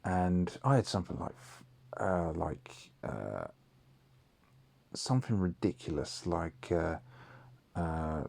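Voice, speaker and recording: Deep-voiced sweary man. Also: expressive, slow, vocal fry, long pauses, darkish tone. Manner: rambling, sweary, lots of ums. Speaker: audio diarist. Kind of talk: casual storytelling monologue.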